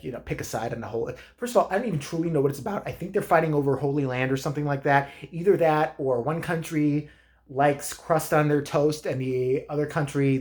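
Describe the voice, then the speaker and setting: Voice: mid-range voice, darkish tone, close to an everyday voice. Someone playing a foul-mouthed rambling granny. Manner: crude, rambling, profane. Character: crude, opinionated old grandmother. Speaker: comedy vlog character. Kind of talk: comedic rant.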